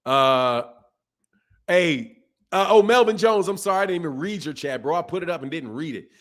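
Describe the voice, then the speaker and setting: A man with a fairly high voice riffs on a live stream in blunt, casual slang. He circles back to the same phrases again and again to hammer a point home, swinging between rising emphasis and low, muttered asides. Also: normal speed. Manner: blunt, animated, repeats himself for emphasis. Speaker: boxing channel host. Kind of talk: casual livestream commentary.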